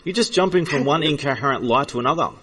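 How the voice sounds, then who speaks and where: A man's voice: medium pitch, animated, fast talker, a bit bright, breathy edge. A man with an Australian accent in a heated voice-chat argument, coolly mocking and repeating his challenges over and over. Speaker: self-described group founder.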